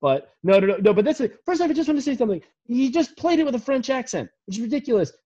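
A man chatting as a podcast guest, excitable and rambling with mock indignation. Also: very high-pitched, fast talker, dull audio. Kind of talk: casual podcast chat.

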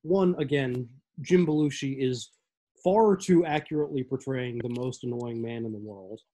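A man co-hosting a podcast, talking about movies in casual chat with wry, deadpan remarks. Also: mid-range voice, moderate pace, rough recording. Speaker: podcast co-host.

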